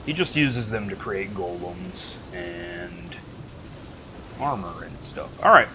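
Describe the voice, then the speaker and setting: A man's voice: lowish voice, expressive, slow pace, sharp tone, a little hiss or hum. A man casually commentating his gameplay with dry jokes. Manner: casual, joking. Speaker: let's play host.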